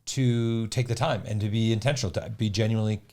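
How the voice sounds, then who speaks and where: A man's voice: lowish voice, fairly even intonation, brisk, darkish tone. A man in his fifties co-hosting a podcast, speaking earnestly and reflectively with some hesitant restarts. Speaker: podcast co-host. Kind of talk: casual conversation.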